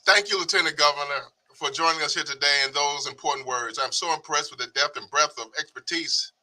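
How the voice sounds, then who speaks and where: A man hosting a livestream, emotional and halting with fillers. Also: on the high side, sharp tone, low-quality recording. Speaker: host, state director.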